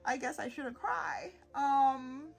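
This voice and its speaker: A woman in her twenties hosting a solo podcast, animated and sarcastic, laughing often and slipping into mocking voices. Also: high-pitched, slow, creaky, soft background music. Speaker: podcast host.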